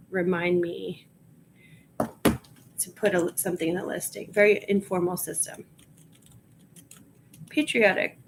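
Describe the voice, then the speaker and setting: Speaking at medium pitch, a Long Island woman casually chats on a livestream while listing resale items, reading snippets aloud to herself and muttering as she types. The audio is poor, with slight background noise.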